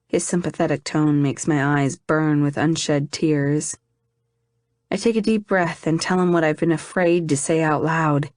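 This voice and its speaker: A woman narrating a romance audiobook in the first person, in a soft, measured, reflective manner. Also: lowish voice, steady tone, no echo, clean studio sound.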